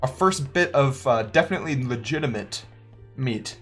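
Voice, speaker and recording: A man's voice: mid-range voice, animated, moderate pace, fairly bright tone, husky, soft background music. A man giving joking, chatty let's-play commentary, thinking aloud as he plays. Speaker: gaming YouTuber.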